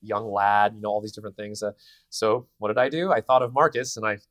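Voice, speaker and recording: A man in his thirties, a voice actor giving a convention interview, telling stories in an animated way with many restarts. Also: fairly low pitch, fast talker, no room sound. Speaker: voice actor guest. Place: convention venue.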